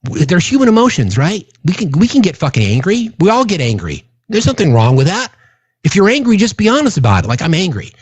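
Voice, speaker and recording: A man's voice: high-pitched, wildly swooping pitch, a little fast, slightly rough, dry recording. A middle-aged man hosting a livestream, talking earnestly and passionately to his chat, often swearing for emphasis. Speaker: livestream host. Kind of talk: casual livestream talk to chat.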